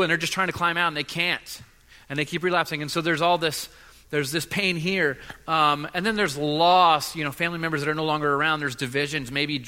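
A man preaches earnestly in a bright, fairly high voice, often stumbling and repeating himself as he builds his point. His voice rings with long reverb in a large church hall. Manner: earnest, halting, repeats words. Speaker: pastor. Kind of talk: sermon.

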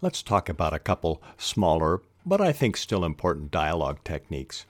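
Deep-voiced older man teaching writing. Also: very animated, no echo. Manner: unhurried, with hesitant restarts and fillers. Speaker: podcast host teaching fiction writing. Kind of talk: instructional talk on writing.

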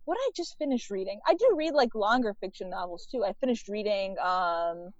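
This guest writer-filmmaker speaks at medium pitch, expressively and a bit fast, chatting casually on a podcast with a stream of "like" fillers and plenty of laughs. The sound is dry but dull and muffled.

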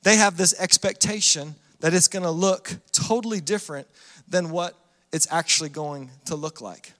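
A man preaching a sermon as a pastor, telling the story in an animated way and acting out the voices of the people in it. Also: fairly high pitch, normal speed. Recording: long hall reverb.

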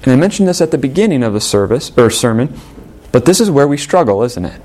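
A man's voice: mid-range voice, very animated, quick pace, darkish tone. A man, the pastor, preaching an earnest sermon with emphatic repetition.

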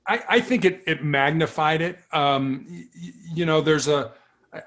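Earnest middle-aged man, higher voice. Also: moderate pace, a bit bright. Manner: earnest, frequent restarts and repeated words. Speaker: interview guest, retired police officer. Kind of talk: reflective storytelling in conversation.

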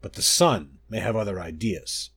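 An old village grandmother speaks firmly and steadily, as a male reader gives her lines. Her delivery carries a lively rise and fall in pitch. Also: moderate pace, breathy edge. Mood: firm warning. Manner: firm, steady warning. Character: older village grandmother, firm and wise.

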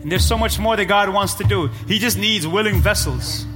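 A man preaching as pastor, moving between shouted, rising climaxes and quieter prayer passages. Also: high-pitched, normal speed. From Cape Verde. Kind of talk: sermon. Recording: live church hall with music and congregation.

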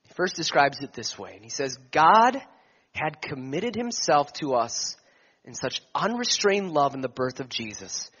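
A man preaching a sermon, slow and emphatic, his voice swelling and then dropping to near whispers. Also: a little high, sing-song, fairly bright tone, slightly rough, dull audio.

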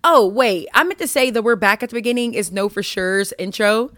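A woman's voice: on the high side, a little fast, a bit bright, dry recording, clean studio sound. A young woman hosting a casual faith podcast, rambling and self-mocking as she chats with listeners. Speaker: podcast host.

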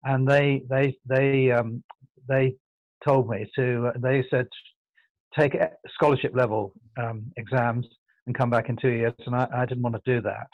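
Here the same kind of speaker appears: an older man from England, posh southern English accent, musing as an interview guest and frequently breaking off to begin sentences again. He is thoughtful, hesitant, and corrects himself. His medium-pitched voice holds a level tone, with no room sound and the high frequencies cut off.

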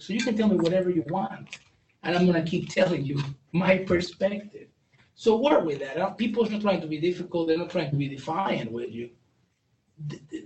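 Man, high-pitched, candid trainer who jokes and restarts often; distant mic, roomy hall, faint noise. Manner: candid, jokey, many restarts and stumbles. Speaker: speaker training police on brain injury. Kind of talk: training talk to a live audience.

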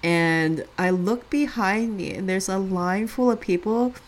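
A woman in her thirties co-hosting a podcast, telling a personal story casually, often laughing and getting animated when she quotes others. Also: mid-range voice, measured pace. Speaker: podcast co-host.

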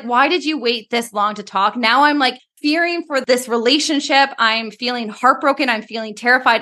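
Animated woman from Canada telling a story. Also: fairly high pitch. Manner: animated, emotional retelling with many "like" fillers. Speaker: podcast guest, life coach. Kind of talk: personal storytelling.

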